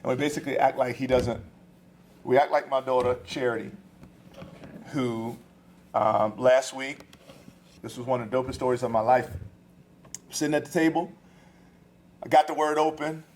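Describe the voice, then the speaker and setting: A man preaching in a loose storytelling style, his everyday slang running through the message. His voice sits in an ordinary middle pitch and stays animated. A faint steady noise sits beneath the live recording. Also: moderate pace, long pauses. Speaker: guest speaker at a campus ministry. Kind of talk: storytelling sermon. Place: live talk to students.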